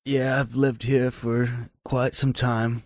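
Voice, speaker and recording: A man's voice: mid-range voice, little pitch movement, slow, no echo, studio quality. A man playing a cranky frail old grandfather. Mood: wistful. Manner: grumpy, testy old man.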